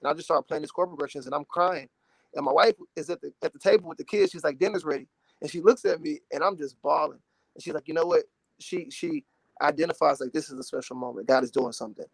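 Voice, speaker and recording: A gospel artist in his twenties from Dallas, Texas talks in a casual interview, earnest and emotional, saying "you know" a lot. His voice is a little high and gravelly, he speaks fast, and there's no room sound.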